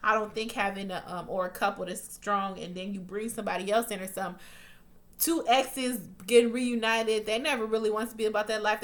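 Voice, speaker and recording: A woman's voice: medium pitch, a bit bright. A woman giving a casual, profane recap of a TV episode, talking bluntly and acting out the characters' lines. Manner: profane, blunt, chatty, acts out quotes. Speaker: TV recap vlogger.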